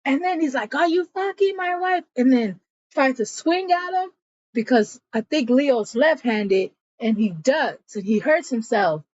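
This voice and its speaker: A woman's voice: on the high side, expressive, unhurried, a little mellow, no room sound, muffled recording. A woman recapping a TV episode in a casual, chatty way, acting out the characters' lines and addressing her viewers as y'all. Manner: chatty storytelling that acts out quotes, says y'all. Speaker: TV episode reviewer.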